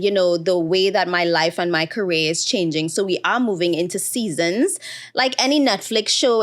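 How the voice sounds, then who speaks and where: A woman's voice: mid-range voice, a bit bright. A woman in her thirties hosting her own podcast, talking candidly with lots of fillers and fighting back tears. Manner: candid, chatty, emotional with frequent fillers. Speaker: podcast host. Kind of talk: casual solo podcast monologue.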